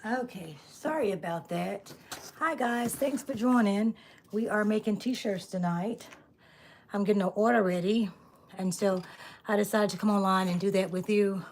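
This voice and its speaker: A woman's voice: medium pitch, normal speed, a little mellow, slight background noise. A woman hosting a live stream from her home workspace, chatting casually with viewers, greeting them by name and asking them to subscribe. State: out of breath. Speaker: live-stream host making t-shirts.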